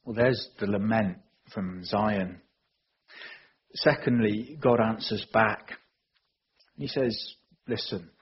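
A man delivers a sermon in a low, heavily raspy voice. He speaks earnestly and steadily and leans on repetition for emphasis. The recording sounds dull and lo-fi. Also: steady tone, takes it slowly, pauses often. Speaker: preacher.

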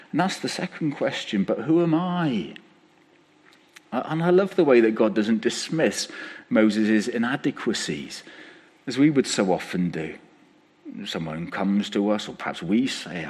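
A man preaching a sermon as pastor, conversational and lively, acting out quotes as he speaks. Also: on the low side, a little slow, slightly rough.

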